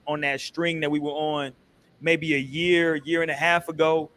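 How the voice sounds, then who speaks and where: A laid-back male podcast host closing out the episode with shout-outs. His voice sits a bit high, and his talk is loose and slangy. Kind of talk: casual chat, show sign-off.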